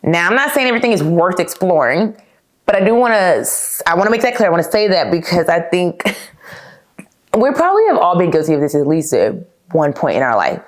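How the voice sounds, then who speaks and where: A young woman hosting a podcast tells her own story casually and candidly at a fairly quick pace. Her lowish voice is very animated; she calls listeners "y'all," laughs occasionally, and often says "like."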